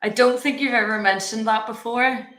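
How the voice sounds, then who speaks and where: A woman's voice: a little high, fairly even intonation, normal speed, fairly bright tone. A bubbly woman co-hosts a casual stream from her home kitchen. Her voice carries a noticeable echo off the room. She teases and laughs easily. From Ireland, north coast. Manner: bubbly, laughs often, teasing. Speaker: livestream co-host. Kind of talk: casual livestream chat.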